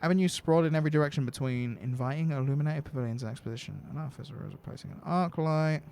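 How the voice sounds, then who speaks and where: A man's voice: on the high side, racing, gravelly, a little mellow, a little hiss or hum. A man hosting a game stream, reading the game's story text aloud and thinking aloud in casual asides. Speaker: streamer host.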